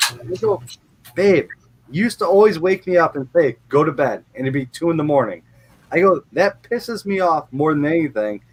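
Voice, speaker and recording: A man's voice: fairly high pitch, animated, normal speed, slight background noise. A man hosting a live show, telling rambling everyday stories and swearing freely in casual chat.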